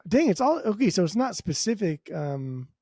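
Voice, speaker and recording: Swearing podcast co-host. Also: male voice, high voice, normal speed, slightly rough, no room sound, studio quality. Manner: loose, swearing, laughing, animated. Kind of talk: casual chat.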